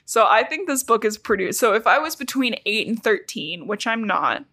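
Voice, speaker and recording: A woman's voice: a little high, very animated, normal speed, sharp tone. A woman co-hosting a casual podcast, chatty and swearing freely, with a slight lisp. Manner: chatty, swears, laughs often. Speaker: podcast co-host. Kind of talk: casual chat.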